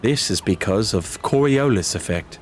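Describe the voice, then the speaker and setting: A man's voice: lowish voice, expressive, moderate pace, slight background noise, pitched below the performer's own voice, natural voice. A man voicing a goofy, exaggerated Australian bloke with a put-on Australian accent, drawling jokey tall tales. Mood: joking.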